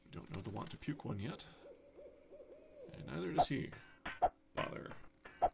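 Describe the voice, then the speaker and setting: A man's voice: mid-range voice, lively intonation, normal speed, gravelly, background noise. A man hosting a let's play, giving casual gameplay commentary in a wry, self-mocking way and reading game lines aloud.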